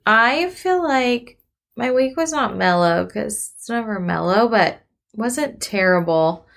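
A woman's voice: on the high side, expressive, takes it slowly, vocal fry, a bit bright. A woman in her thirties hosting a casual chat, chatty and laughing often as she acts out what her family says. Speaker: podcast host, mother of three.

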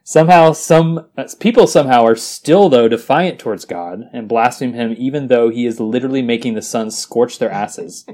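A man co-hosting a podcast, joking in casual chat about scripture with deadpan sarcasm and frequent laughter. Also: mid-range voice, moderate pace, hardly any pauses. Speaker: podcast co-host.

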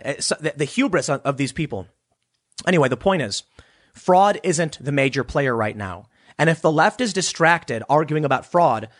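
A man hosting solo political commentary, reading news and then reacting in an animated, sarcastic way, mocking his opponents' voices. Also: fairly high pitch, dry recording, studio quality.

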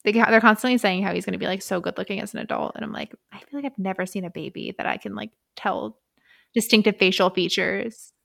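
A woman's voice: mid-range voice, fairly even intonation, fast talker, gravelly, a bit bright, no echo, studio quality. A woman co-hosting a casual book podcast, laid-back, with wry asides and frequent agreement. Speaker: podcast co-host.

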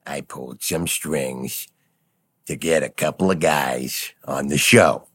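A man's voice: extremely low pitch, slow pace, breathy edge. A man co-hosting a comedy show in laid-back, offhand banter. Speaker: co-host.

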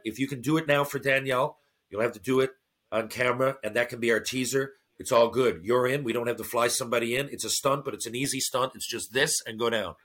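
A man's voice: mid-range voice, fairly bright tone. A man, a former hockey player turned actor, telling stories in a casual podcast interview, acting out other people's lines and swearing freely.

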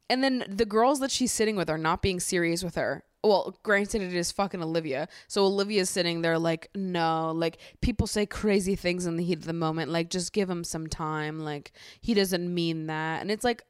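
A young woman with a fairly low, smooth voice recaps a reality show like she's gossiping with a friend. She's sarcastic and animated, swears freely, and jumps into mocking impressions of the people she's talking about. The sound is close and dry. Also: moderate pace, dry recording. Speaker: podcast host.

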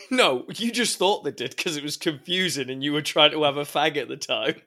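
A man trades quick, teasing quips in a relaxed podcast chat. His voice sits a little high and sounds bright and forward. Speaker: podcast co-host. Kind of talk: casual banter.

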